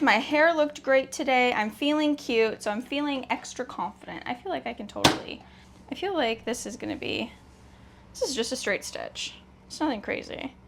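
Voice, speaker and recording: A young Canadian sewing vlogger with a slightly high voice chats casually to her viewers as she sews at home, with some noise in the background. She talks herself through each step, chatty and quick with little exclamations.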